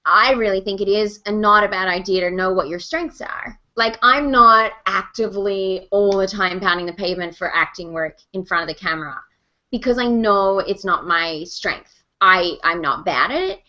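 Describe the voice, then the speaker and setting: A woman, a voice actor and host, telling stories in a chatty, animated way during an interview over a video call. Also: mid-range voice, dull audio. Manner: chatty, animated storyteller, quick laughs. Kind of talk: casual interview chat.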